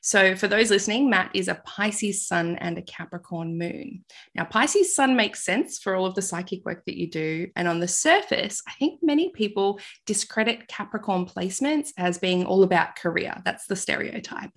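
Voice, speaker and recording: A woman's voice: mid-range voice, expressive, normal speed. An Australian woman hosting a podcast interview, bubbly and giggly, chatting casually with her guest. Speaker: podcast host.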